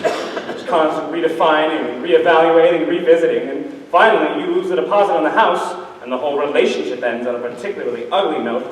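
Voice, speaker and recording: A teenage boy in a high school stage musical, playing a lonely, rambling fan of old musicals who confides in the audience. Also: brisk, lightly acted. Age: teens. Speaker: narrator character. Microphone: distant room mic. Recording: echoey hall from far off, faint noise.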